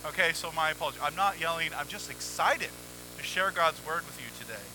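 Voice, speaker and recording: A man preaching a sermon in a conversational, energetic way, acting out little exchanges with God, at a church microphone. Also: on the high side, fast, background noise. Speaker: pastor. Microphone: handheld or headset mic, volume cutting on and off.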